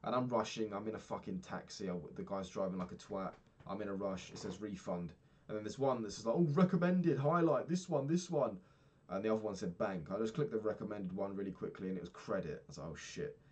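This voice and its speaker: Young man, low voice, casual sweary vlog ranting. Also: steady tone, quick pace. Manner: rambling, swears a lot, ranting. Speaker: vlogger.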